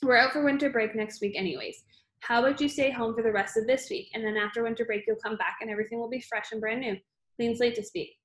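A woman reading the lines of a kind but firm male school principal in a calm, reassuring way. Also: a little high, fast talker, roomy sound, natural voice.

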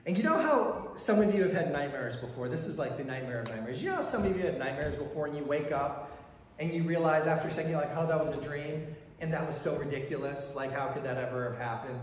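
A male pastor recounts a personal story during a sermon, speaking quickly in a slightly high, animated voice, conversational and full of fillers and restarts. He is in a church sanctuary, using a handheld or stand mic that fell during the talk. The hall is very echoey, with faint background noise.

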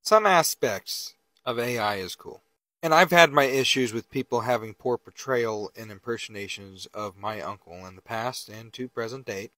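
A man's voice: mid-range voice, normal speed, pushed and bright, no room sound. A man giving casual, indignant commentary to camera, emphatic, with stammered restarts. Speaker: relative of a public figure.

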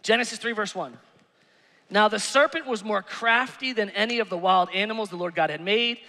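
A pastor preaching an animated, conversational sermon with playful asides. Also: male voice, high-pitched, fairly quick, long reverb tail. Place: church sanctuary.

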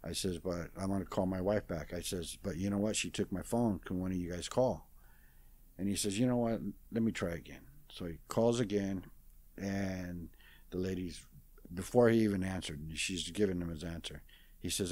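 On a dry recording, a man in his sixties with a low, slightly mellow voice retells a story at a moderate pace while guesting in an interview. The telling is casual and plain-spoken, folksy and full of "I says," and he acts out others' quoted lines.

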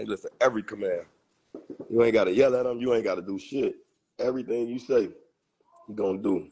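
A livestream host with a cold runs a casual stream, rambling in a profane, boastful way laced with street slang. His lowish voice is creaky, mellow and husky.

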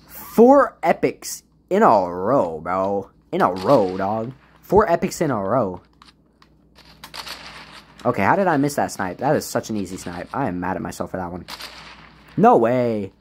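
Excitable gamer guy with a swinging voice. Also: fairly low pitch, moderate pace, long pauses, a little hiss or hum. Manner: excitable, swings between muttering and loud frustrated outbursts. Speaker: gaming YouTuber. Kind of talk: casual gameplay commentary.

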